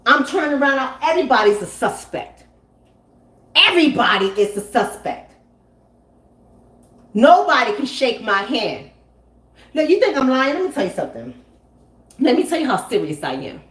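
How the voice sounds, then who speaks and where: A high-pitched woman hosting a live stream, telling a story with emphatic repetition and answering her chat. She sounds animated and insistent. Her voice rings in an echoey room. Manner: emphatic, animated, repeats lines for effect. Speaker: relationship coach and channel host.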